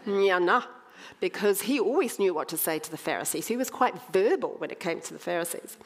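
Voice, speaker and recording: A woman preaching a sermon, conversational and animated, with wry humour as she tells the story. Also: fairly low pitch, fast, husky.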